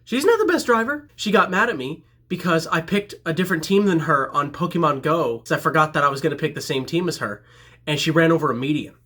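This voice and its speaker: Man, story time, animated and self-mocking, swinging pitch, husky edge. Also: fast talker.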